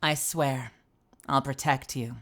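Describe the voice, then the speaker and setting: A woman's voice: rumbling low, steady tone, slow pace, background noise, pitched below the performer's own voice. A woman voicing a doting, sultry wife who sprinkles in French words, over background music. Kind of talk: dramatic game reading.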